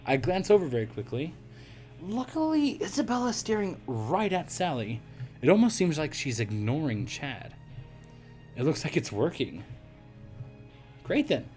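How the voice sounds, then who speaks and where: A hoarse man reading a visual novel aloud as a let's play narrator, with wry, self-deprecating asides. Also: on the high side, sing-song, moderate pace, a little mellow, faint music behind.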